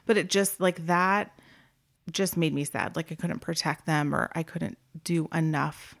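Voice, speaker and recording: Low-voiced woman telling a heavy story. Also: creaky. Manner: emotional storytelling, soft and slow at heavy moments. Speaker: former group home worker. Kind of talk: casual podcast conversation.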